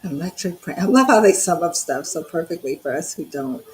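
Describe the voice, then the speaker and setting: A woman's voice: sits low, big pitch swings, brisk, darkish tone, poor audio. A woman co-hosting a casual movie watch party, chatting and laughing as she comments on the film.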